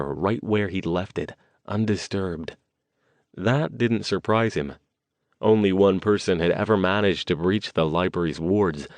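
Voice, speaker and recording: Deep-voiced male audiobook narrator. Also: darkish tone, no room sound. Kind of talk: scripted narration.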